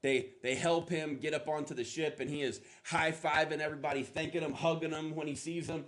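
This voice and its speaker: A male pastor with a slightly high voice tells a sermon story. He repeats words as he searches for them, then acts out the lines with growing energy. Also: normal speed. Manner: animated, acts out the lines with rising intensity.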